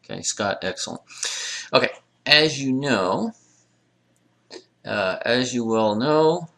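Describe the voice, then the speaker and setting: A man's voice: medium pitch, expressive, slow, creaky, bright, forceful tone. A man teaching a language lecture, drilling pronunciation aloud and dropping wry jokes. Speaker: Arabic teacher. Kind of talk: recorded classroom lecture.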